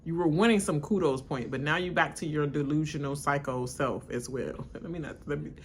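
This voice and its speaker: Low-pitched and fairly quick, this woman's voice comes with slight background noise. She's a reality TV reaction streamer doing a live watch-along, laughing a lot, imitating cast members in exaggerated voices, and giving blunt, ranting commentary.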